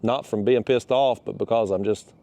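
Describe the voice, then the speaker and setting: Folksy man, mellow voice. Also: fairly low pitch, moderate pace, gravelly. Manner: rambling, restarts, folksy phrasing. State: a bit out of breath. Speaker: fishing vlogger. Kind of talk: casual outdoor vlog. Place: on a kayak on a river, outdoors.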